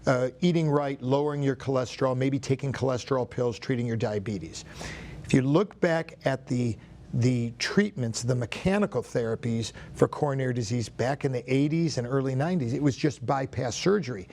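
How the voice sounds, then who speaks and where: A male cardiologist explains in a measured, teacherly way in a TV studio. His voice has a gravelly edge, and he sits at a mid pitch. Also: a little mellow, slight background noise. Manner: measured explaining, some restarts. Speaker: cardiologist guest.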